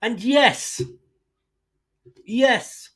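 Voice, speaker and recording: An English man hosting a football fan channel, ranting bluntly and swearing freely, and acting out imagined conversations in quick asides. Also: very high voice, fairly bright tone. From England. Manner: mimics others in asides. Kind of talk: impassioned fan rant.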